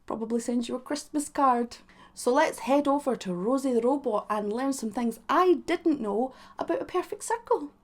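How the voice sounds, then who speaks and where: Brief: woman music reaction host, playful and self-mocking, animated. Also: high voice, moderate pace. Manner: animated, with sudden loud bursts. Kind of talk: casual reaction commentary.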